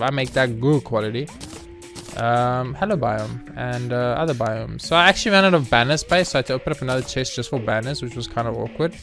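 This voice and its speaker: With game music running in the background, a young let's play host narrates his gaming in a mid-range, slightly bright voice. His tone is casual and sarcastic, full of mock bravado and liberal cursing.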